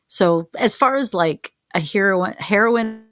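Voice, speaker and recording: A woman's voice: medium pitch, measured pace, fairly bright tone. A woman co-hosting a podcast in casual chat, speaking earnestly and reflectively, with many fillers. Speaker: podcast co-host.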